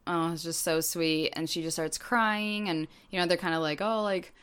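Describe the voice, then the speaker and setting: A woman's voice: low voice, fairly even intonation, moderate pace, fairly bright tone, clear, resonant tone. A woman co-hosting a podcast, telling a story in casual chat with many fillers. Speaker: podcast co-host.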